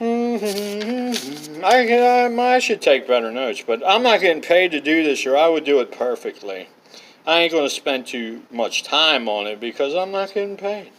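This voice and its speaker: A middle-aged man spins loose, meandering yarns from a campsite, slipping in asides and frequent uhs. His voice sits a touch higher than most men's. He keeps it casual and colloquial. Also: big pitch swings, a little slow, fairly bright tone, slight background noise, rough recording. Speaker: vlogger. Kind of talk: rambling personal storytelling. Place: outdoors at a campsite.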